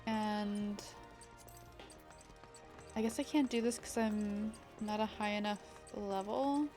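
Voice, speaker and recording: A woman's voice: medium pitch, slow pace, mellow, faint music behind. A young woman chatting casually while streaming a game, thinking aloud and greeting viewers. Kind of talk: casual live-stream chat.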